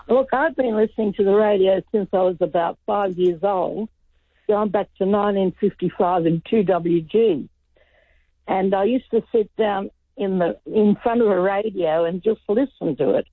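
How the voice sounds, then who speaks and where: A woman's voice: medium pitch, a little slow, no echo. A woman in her seventies calling in to a radio show, reminiscing. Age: 70s. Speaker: caller. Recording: phone line.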